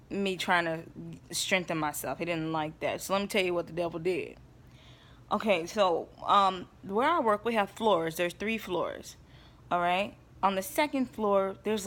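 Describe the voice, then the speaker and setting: A woman's voice: fairly low pitch, fairly bright tone. A woman giving a casual faith talk to camera, chatty and emphatic, often checking in with her listeners. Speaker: vlogger.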